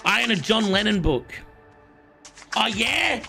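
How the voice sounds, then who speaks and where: An Australian man chatting through a live gameplay stream, cocky and playful with his viewers. His voice is slightly high, bright and edgy, with a gravelly fry running through it, and faint game music plays underneath. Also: sing-song, a little slow. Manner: playful, cocky banter with chat. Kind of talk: casual live gameplay commentary.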